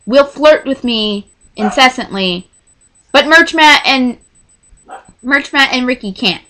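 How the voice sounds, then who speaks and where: Young woman in her twenties, casual storyteller, bright lively voice, pitched a bit high. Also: measured pace. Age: 20s. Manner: animated, acts out dialogue with quoted voices. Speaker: vlogger.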